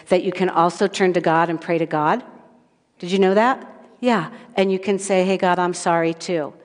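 A woman leads a children's sermon, her voice sitting a little low for a woman. She asks the children questions and tells playful stories from when she was small. The sound carries the long reverb of a large church hall.

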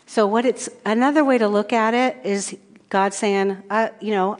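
A woman pastor giving a children's sermon, gently asking the kids questions. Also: mid-range voice, steady tone, normal speed. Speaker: pastor leading a children's message. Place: church sanctuary. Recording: long church reverb.

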